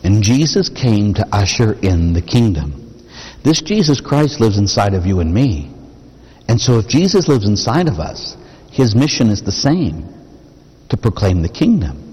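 A man's voice: on the low side, warm tone, breathy edge. A man preaching a sermon as a Catholic priest, talking conversationally and posing rhetorical questions to the congregation. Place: church. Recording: long reverb of a church.

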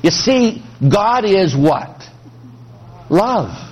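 A man's voice: high voice, very slow, breathy edge. A middle-aged man from Pittsburgh, a priest preaching a sermon with jokes, acting out quoted voices. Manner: animated, joking, acts out quoted voices.

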